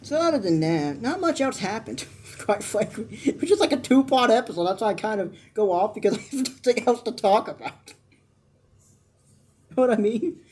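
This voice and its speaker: A woman's voice: on the high side, animated, fairly quick, darkish tone, slight background noise. A woman in her twenties giving a blunt, opinionated, rambling review of a soap opera episode in casual chat. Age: 20s.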